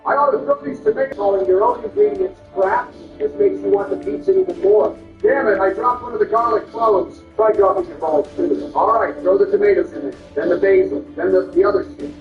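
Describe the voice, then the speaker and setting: His high, sing-song voice moves fairly quickly with hardly any pauses as he does comic commentary over a game, swapping crude insults in quarrelsome impressions. The audio is distant, muffled and roomy, with music.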